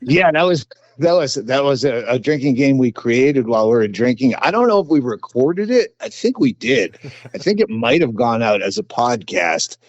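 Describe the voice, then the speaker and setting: A middle-aged man, a comedian guest, chatting casually on a podcast in a halting, rambling way with dry humor. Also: mid-range voice, big pitch swings, no room sound, dull audio.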